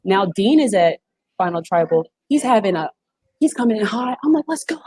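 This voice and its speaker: A woman's voice: medium pitch, expressive, moderate pace, crowd noise, poor audio. A woman in her twenties, a guest on a video call interview, talking in an emphatic, slangy, casual way. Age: 20s. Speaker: guest, former reality show contestant.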